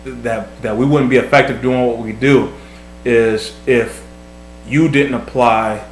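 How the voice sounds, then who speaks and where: This mid-range male voice moves a little slowly with fairly even intonation, and faint music plays behind him. He's a husband in his thirties hosting a vlog, talking casually and earnestly about marriage, frequently repeating words as he reflects. The room echoes and carries a faint hum.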